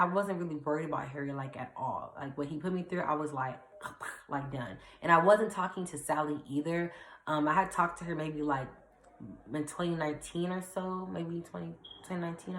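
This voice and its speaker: A young woman vlogger casually retelling a personal story, chatty and animated, full of fillers and acted-out quotes. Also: sits low. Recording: echoey room.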